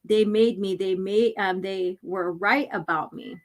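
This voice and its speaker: A woman voicing a brainwashed young man, tormented and weeping, in a halting, broken delivery. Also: mid-range voice, fairly even intonation, close to an everyday voice.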